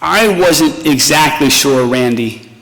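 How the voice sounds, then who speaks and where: A man's voice: mid-range voice, slow pace, a bit bright. A middle-aged man, a pastor, giving a retirement party speech with self-mocking stories and tender thanks. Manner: storytelling, self-mocking humor turning tender. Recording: reverberant hall.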